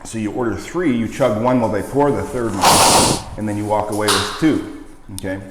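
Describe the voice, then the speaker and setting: A man's voice: on the low side, moderate pace, heavy background noise. A man, a guest casually telling a rambling, laughing story while eating hot wings. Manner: laughing, swearing, rambling anecdote. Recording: echoey room with long reverb.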